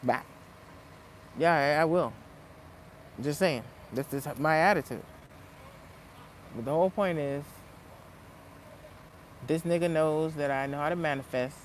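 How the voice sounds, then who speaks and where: A woman vlogging in a casual rant, blunt and profane, swinging between low muttering and loud heated outbursts. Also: unhurried, pauses often, a little hiss or hum, poor audio. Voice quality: blunt, heavily profane street talk. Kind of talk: casual unscripted vlog rant.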